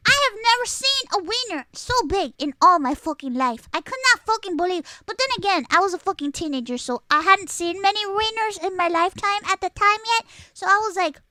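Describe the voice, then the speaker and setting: An adult woman streamer telling a story to her chat in a crude, profane and animated way, close to a desk mic. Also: very high-pitched, brisk, no echo.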